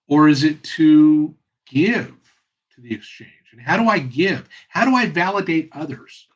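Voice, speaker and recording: A man hosting a reflective solo talk, speaking in an earnest, passionate way with frequent pauses and restarts. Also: on the high side, lively intonation, slightly rough, muffled recording. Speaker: host.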